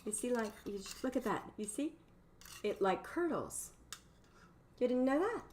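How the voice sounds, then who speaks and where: A woman's voice: a little high, expressive, normal speed, a little mellow, a little hiss or hum. A bubbly, chatty woman hosts a live cooking stream from her home kitchen and talks to her viewers. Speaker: cooking livestream host.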